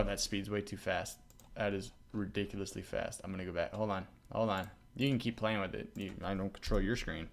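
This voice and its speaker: Male tutorial host, lower voice, chatty and easily thrilled, light keyboard tapping behind. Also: brisk, vocal fry. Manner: excitable, laughs often, talks to himself while coding. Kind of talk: casual screen-recorded coding tutorial.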